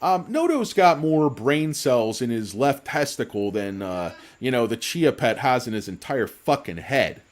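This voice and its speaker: Animated, ranting male stock commentator. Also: medium pitch, unhurried, few pauses. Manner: profane, sarcastic, rambling with comic insults. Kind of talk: casual ranting market commentary.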